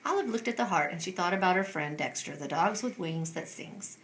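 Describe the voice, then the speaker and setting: A woman reading a children's picture book aloud with expressive narration. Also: lowish voice, a little fast, few pauses, a little hiss or hum. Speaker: storyteller. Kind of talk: storybook read-aloud.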